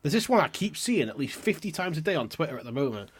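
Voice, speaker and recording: Animated, sweary man storyteller. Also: a little high, fast talker, husky. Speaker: podcast co-host. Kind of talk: casual podcast storytelling.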